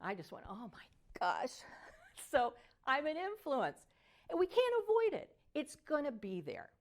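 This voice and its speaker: An older woman who works as a voice coach gives a motivational teaching talk, animated and sometimes singing phrases to demonstrate melody. Her voice sits high and she talks at normal speed.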